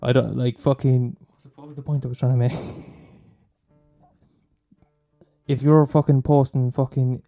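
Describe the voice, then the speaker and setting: Dark-voiced swearing young man. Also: mid-range voice, little pitch movement, moderate pace, soft background music. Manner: swearing, mocking, rambling. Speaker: comedian. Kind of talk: profane comic rant.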